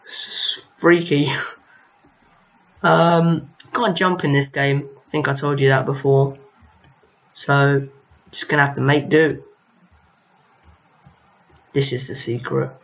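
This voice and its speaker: A man's voice: a little high, flat delivery, slow, long pauses, fairly bright tone. A young man casually commenting on his own gameplay, chatting to enemies on screen with mild exasperation. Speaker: gaming video host. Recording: lo-fi home mic.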